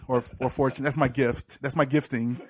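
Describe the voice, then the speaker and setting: Against background noise, a co-host with a mid-range voice and steady tone talks a little fast in a laid-back, sarcastic chat about church. He acts out quotes while telling stories, and his heavy breathing comes through.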